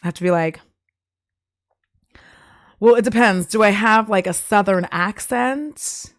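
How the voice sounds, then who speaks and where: A woman's voice: medium pitch, a little slow, no room sound, clean studio sound. Giggly chatty young woman streamer. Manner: chatty, giggly, lots of fillers. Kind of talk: casual live-stream chat.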